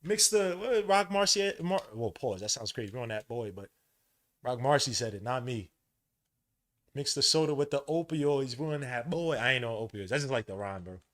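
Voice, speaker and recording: A New man talks through a basketball game live for his podcast, all slang and quick reactions. His voice is bright and sharp, and his pitch swings widely from low mutters to high yells. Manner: excitable, slangy, shouts at big plays. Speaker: podcast host. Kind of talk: live game watch-along commentary.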